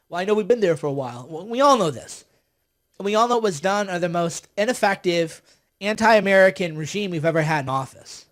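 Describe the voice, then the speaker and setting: A man's voice: sits high, expressive, quick pace, fairly bright tone. A man hosting a livestream, ranting with sarcasm and exasperation as he mocks his opponents. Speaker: political commentator hosting a livestream.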